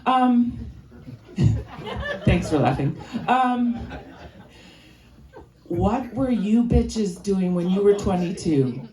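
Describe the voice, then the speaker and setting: A nasal woman with a Chicago accent doing stand-up, rambling and crude as she pokes fun at herself. She talks slowly, and her pitch swings widely and sits a bit high. The sound is roomy and echoey, as from a stage. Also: lively intonation, crowd noise. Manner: rambling, crude, self-deprecating. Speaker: stand-up comedian. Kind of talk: stand-up comedy set. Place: stage in a comedy venue. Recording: echoey room.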